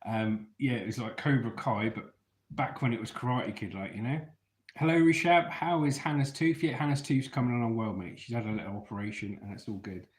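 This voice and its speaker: An English vlogger with a lowish voice talks fairly quickly as he shares stories from his youth in a casual, chatty way, regularly checking in with his online audience. The audio has a roomy echo.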